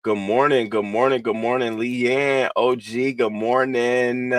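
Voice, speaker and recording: A man hosting a casual livestream, greeting viewers one by one in an animated, playful way. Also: a little slow, no room sound. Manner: animated, playful, swoops up high when greeting people. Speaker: livestream host.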